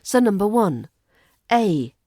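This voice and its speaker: Slow, dry-voiced English accent coach. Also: female voice, medium pitch, sing-song, dark tone, no echo. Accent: Southern English RP. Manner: clear, measured, polite teaching delivery. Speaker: British accent coach and podcast host. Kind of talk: scripted podcast lesson.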